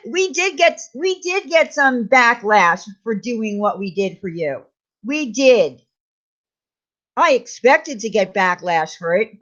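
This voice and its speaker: High-voiced woman ranting indignantly. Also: bright, forceful tone, highs cut off. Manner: indignant, sarcastic, repeats names. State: angry. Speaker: YouTube commentary host. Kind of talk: angry ranting commentary.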